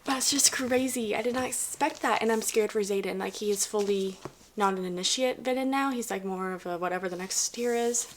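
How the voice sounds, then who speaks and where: Speaking fairly quickly with a medium-pitched voice, a young woman offers casual reading-vlog commentary on a book series, with slight background noise. It's chatty and filler-heavy, and her voice often sinks to a whisper as she reads.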